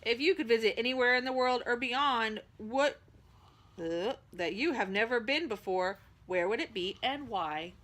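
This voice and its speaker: Bright-voiced chatty woman host. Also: fairly high pitch, expressive, normal speed. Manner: chatty, lots of "like" and "totally". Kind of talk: casual chat. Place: home.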